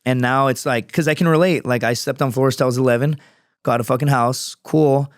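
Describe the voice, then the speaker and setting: A man's voice: medium pitch, steady tone, brisk, no room sound, clean studio sound. A man talking as a podcast guest, in a casual, profane, storytelling manner. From United States. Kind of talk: casual interview chat.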